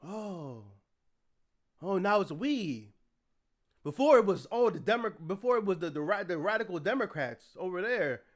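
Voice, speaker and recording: A high-pitched young man rants through a political commentary stream, reacting to what he reads. He is indignant and profane and breaks into angry shouts. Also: sing-song, moderate pace.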